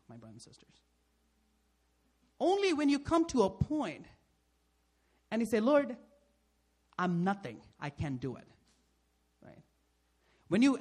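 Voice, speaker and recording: Husky, lively-voiced male preacher. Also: sits high. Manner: rhetorical questions, frequent "right?", emphatic swings in loudness. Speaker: pastor. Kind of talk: sermon.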